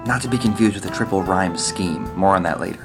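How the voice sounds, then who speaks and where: A man's voice: low voice, quick pace, over music. A man giving a comedic video lesson on lyric writing, explaining rules with wry jokes in between. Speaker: online lyric-writing teacher.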